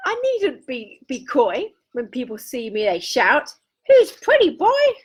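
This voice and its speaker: A woman's voice: sits high, wildly swooping pitch, measured pace, breathy edge, heavily acted. Woman doing a squawking cocky parrot.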